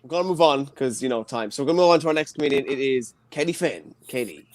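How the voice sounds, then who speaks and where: A man hosting an online comedy show, jokey and brisk, moving the acts along. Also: mid-range voice.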